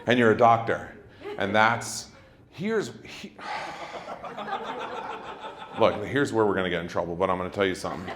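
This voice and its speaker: A male stand-up comedian doing loud, teasing crowd work on a club stage. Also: fairly low pitch, lively intonation, normal speed, pauses often, noisy background. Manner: loud, brash, teasing the audience. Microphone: handheld stage mic. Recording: live club with crowd laughter. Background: audience laughter.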